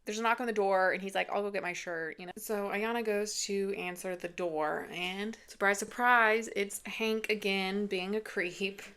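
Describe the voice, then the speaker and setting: A woman retells a novel in a loose, chatty book-review rant, peppering everything with "like." Her voice has a gravelly, fry-heavy edge that sits at a middle pitch. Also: steady tone, moderate pace, hardly any pauses, a bit bright. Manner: chatty retelling full of "like", acting out quotes.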